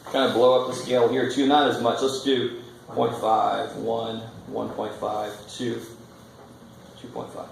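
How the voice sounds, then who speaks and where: A male math teacher talking through graphs in a very echoey classroom, his voice a bit gravelly. He is loose and joking, thinking aloud while he works at the board. A faint hiss sits under the recording. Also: mid-range voice. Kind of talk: classroom lecture.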